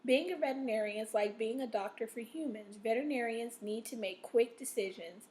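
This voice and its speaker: Woman teacher with a rough, coughy voice. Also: fairly high pitch, darkish tone. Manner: checks in with "okay?" after nearly every sentence; slow, drawn-out stress on vocabulary words. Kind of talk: recorded reading lesson.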